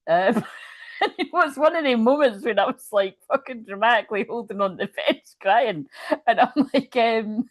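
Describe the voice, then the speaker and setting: A woman's voice: on the high side, normal speed, no room sound. A woman reading tarot in casual talk, rambling, swearing and laughing as she tells a story. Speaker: tarot reader.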